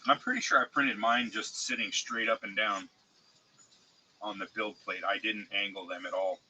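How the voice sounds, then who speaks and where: A man with a cold streaming live, speaking congested and halting, with many fillers and restarts as he shows model parts to chat. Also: lowish voice, steady tone, bright, forceful tone, lo-fi sound, slight background noise. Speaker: streamer showing 3D-printed model car parts. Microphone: desk mic, close.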